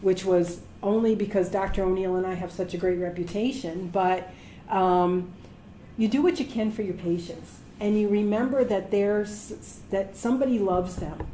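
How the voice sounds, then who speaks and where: A middle-aged woman, a medical assistant, giving career advice to students as a lively storyteller who acts out the voices of people she quotes. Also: mid-range voice, normal speed. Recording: echoey room with faint noise.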